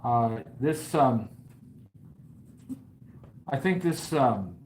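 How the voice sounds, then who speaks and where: A man's voice: mid-range voice, lively intonation, very slow, a little mellow, a little hiss or hum, poor audio. A man hosting a toy review channel chats casually on a live stream while he draws. He jokes in a mock-grand, bragging way and rambles with many fillers.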